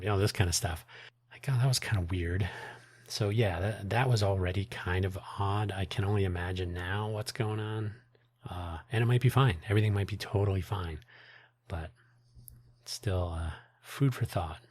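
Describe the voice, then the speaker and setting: An American man with a low voice hosts his own podcast at a normal pace, in a dry recording. His casual solo monologue is rambling and wry, full of restarts and asides.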